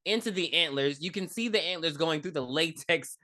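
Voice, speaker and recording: A woman's voice: sits low, brisk. A woman co-hosting a podcast, casually and profanely recapping a horror movie and acting out its characters. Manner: profane, animated, acts out characters in her retelling. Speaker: podcast co-host.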